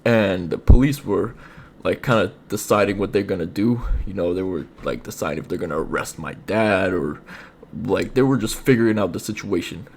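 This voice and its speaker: A man's voice: sits low, normal speed, darkish tone, slight background noise. A young man telling a personal story in casual, rambling speech full of fillers. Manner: rambling, many fillers like "you know". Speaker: streamer.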